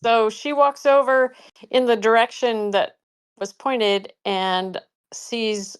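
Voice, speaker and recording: A woman player in a tabletop game, calmly describing her character's actions in the third person. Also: on the high side, takes it slowly, clean tone.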